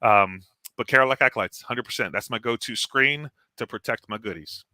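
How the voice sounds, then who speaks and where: A man talking tabletop strategy as a guest, animated and blunt, laughing often. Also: mid-range voice, normal speed, no room sound. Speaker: guest tournament player. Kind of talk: casual gaming strategy chat.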